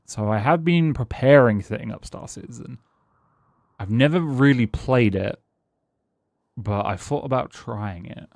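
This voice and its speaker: A man's voice: lowish voice, gravelly, darkish tone, no room sound, studio quality. A man streaming a game live, rambling casually and answering his chat as he plays. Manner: rambling, chatty, answers chat and thanks followers.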